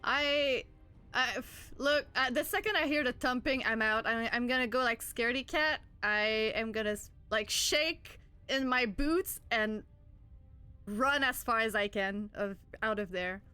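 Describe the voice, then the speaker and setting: Slow, bright-voiced woman player. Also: a little high, clear, resonant tone. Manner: halting, stumbles and restarts. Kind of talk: casual chat, tabletop play.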